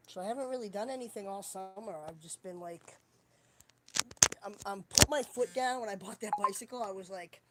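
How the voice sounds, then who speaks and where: A woman's voice: medium pitch, fairly quick, noisy background. A woman chatting casually on a home live stream, rambling and wandering between thoughts while she searches around for things. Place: at home, indoors.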